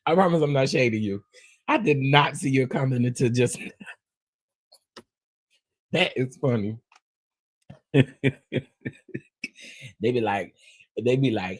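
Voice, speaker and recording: Man, livestream host, AAVE speech, husky, dry close sound, playful chat. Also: medium pitch, unhurried, long pauses, no echo. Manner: animated, greets viewers one by one, playful.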